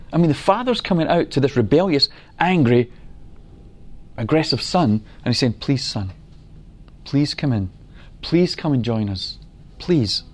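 A middle-aged man preaching a sermon, earnest and unhurried, telling stories and acting out quotes. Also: medium pitch, a little mellow.

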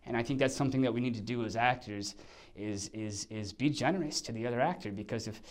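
A male actor telling an animated story in a casual chat, acting out quotes and sound effects. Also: medium pitch, fast. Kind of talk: casual anecdote.

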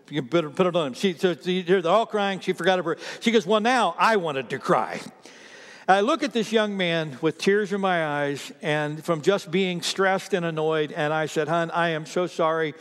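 A man delivering a sermon with earnest storytelling, turning again and again to address the people in front of him. His voice sits a little high for a man, and a long reverb trails after it through a large hall. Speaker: pastor.

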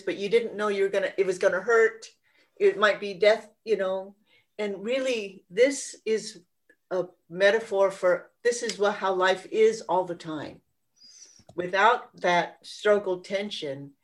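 A co-host in a live question-and-answer talk, reflecting at length through an extended metaphor. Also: medium pitch.

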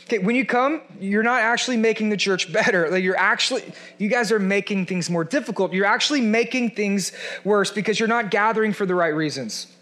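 A male pastor preaching a conversational sermon, animated and playfully sarcastic, acting out voices as he goes. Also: sits high, a little fast.

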